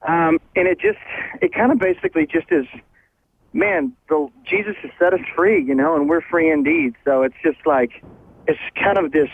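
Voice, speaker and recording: Excited man on a tinny phone line. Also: on the high side. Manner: enthusiastic, chatty, laughs easily. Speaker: touring musician, phone-in guest. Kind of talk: casual phone interview. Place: backstage at a concert venue, walking around.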